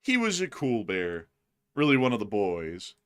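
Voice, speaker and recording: A man's voice: lowish voice, huge pitch swings, measured pace. A man hosting a live stream, chatting casually and joking as he reads out and answers viewer messages. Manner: joking, rambling, swings between loud and quiet. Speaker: host.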